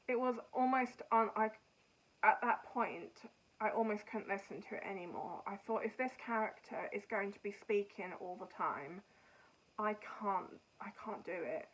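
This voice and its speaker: A woman's voice: mid-range voice, a bit bright, poor audio. A woman hosting a knitting podcast, chatting casually and frankly about books and shows she has finished. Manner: rambling, chatty, frank opinions. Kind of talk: casual chat reviewing books and TV.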